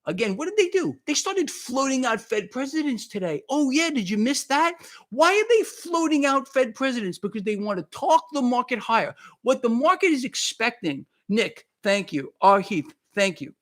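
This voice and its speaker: A man's voice: very high-pitched, big pitch swings, moderate pace, fairly bright tone. A man hosting a livestream, ranting in a heated, worked-up way, repeating himself and thanking viewers by name. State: worked up and sweating. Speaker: market commentary livestream host.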